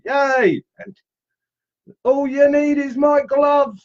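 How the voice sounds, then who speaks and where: A man's voice: extremely high pitch, fairly even intonation, takes it slowly, pauses often, muffled recording. A man demonstrating woodcarving on a live stream, chatting casually and greeting viewers as he works. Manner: chatty and upbeat, greets viewers while carving.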